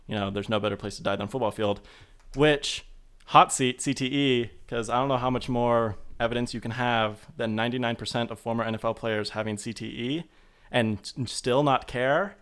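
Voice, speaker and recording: A young man co-hosting a casual sports podcast, talking fast with sarcastic banter. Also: medium pitch, clear, resonant tone. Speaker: podcast co-host.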